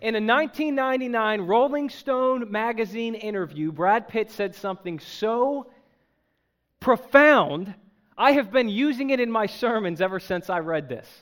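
A pastor delivering a sermon to his congregation, emphatic and animated, with joking asides. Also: high-pitched, normal speed. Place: church.

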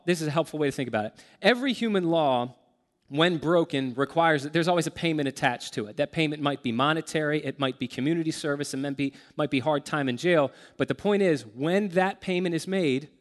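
Guy preaching a sermon, kinda high voice, slows way down to hit key words, big echoey hall. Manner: earnest, emphatic, slows down to stress key words. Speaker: pastor.

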